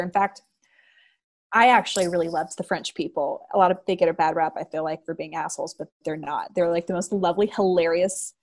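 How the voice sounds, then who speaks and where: Bubbly woman telling travel stories. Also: mid-range voice. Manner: bubbly, lively storyteller, frequent "like". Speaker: guest, cheese shop owner. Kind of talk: casual chat.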